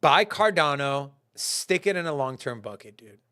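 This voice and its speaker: A man's voice: on the high side, animated, moderate pace, pushed and bright, clean tone. A man hosting casual market commentary, talking emphatically with slang. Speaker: host.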